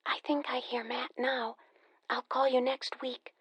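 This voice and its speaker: Woman voicing a high, upset young wife. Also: moderate pace, no echo, natural voice. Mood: hushed. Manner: hushed, strained, close to tears.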